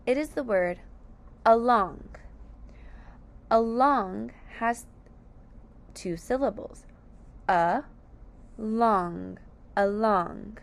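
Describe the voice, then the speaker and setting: A woman with a fairly high voice teaches a slow, deliberate phonics lesson. She stretches her words and pauses often, sounding out each one syllable by syllable with careful, exaggerated enunciation.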